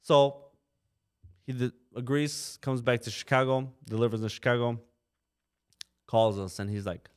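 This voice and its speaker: A man of middle pitch telling stories on a podcast in an easy, casual way. He acts out the people he quotes and fills his speech with "you know" and "like". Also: level tone, unhurried, pauses often, smooth. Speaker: trucking company co-owner, podcast guest. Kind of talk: casual storytelling. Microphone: podcast microphone.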